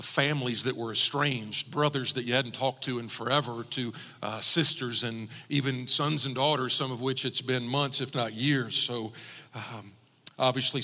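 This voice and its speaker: A man's voice: medium pitch, pushed and bright, in a large hall. A man preaching a sermon as pastor, earnest and growing emphatic.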